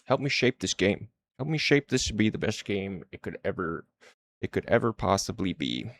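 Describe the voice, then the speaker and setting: Casting note: male indie game dev streamer, low gravelly voice, rambling hype chat. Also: big pitch swings, moderate pace. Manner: hyped-up, rambling and chatty. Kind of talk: casual livestream chat.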